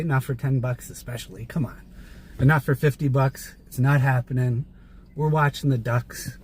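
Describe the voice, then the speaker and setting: A man's voice: mid-range voice, darkish tone. A man hosts a casual livestream from his car, talking into a phone while he drives. His voice sits in the middle range for a man, and he laughs easily and greets viewers by name. A faint hum of the car runs underneath. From Canada. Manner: chatty, laughs often, thanks viewers by name. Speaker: livestream host. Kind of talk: casual chat while driving. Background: faint car noise.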